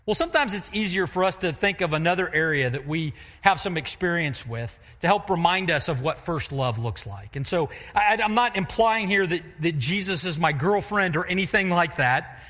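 A man's voice: high-pitched, animated, moderate pace, sharp tone, big-room sound. A man preaching a sermon as pastor in a church, speaking emphatically, asking rhetorical questions and repeating key phrases. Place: church sanctuary.

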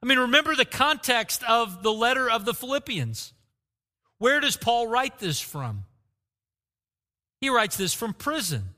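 High bright-voiced pastor preaching. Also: male voice, big pitch swings, unhurried, long pauses. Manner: repeats key phrases, rhetorical questions. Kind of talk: sermon. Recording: long reverb of a church hall.

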